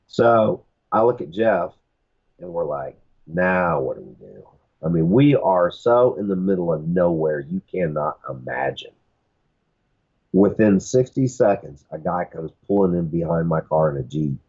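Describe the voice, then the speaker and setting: Deep-voiced man spinning a rambling story. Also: big pitch swings, measured pace, breathy edge, dull audio. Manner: rambling anecdotes with quoted dialogue. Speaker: podcast guest. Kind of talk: casual storytelling.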